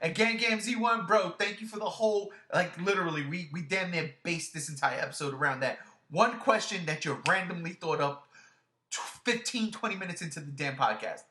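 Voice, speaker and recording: A high-pitched man hosts a casual podcast, talking in an emphatic, excitable way and swearing now and then. His voice is bright and forceful, and the room around him sounds echoey. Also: fairly quick. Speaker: podcast host.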